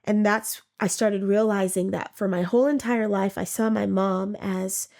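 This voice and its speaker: A woman giving a personal faith testimony, halting and emotional, often repeating words and acting out what she said at the time. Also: medium pitch, fairly even intonation, vocal fry, a little mellow. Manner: acts out her own past words. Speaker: testimony speaker.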